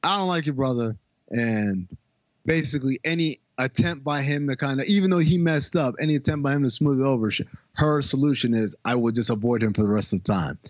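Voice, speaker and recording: A man hosting a podcast, asking lively hypothetical questions in casual chat. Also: mid-range voice, a little fast, dry recording. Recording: dry, muffled podcast audio.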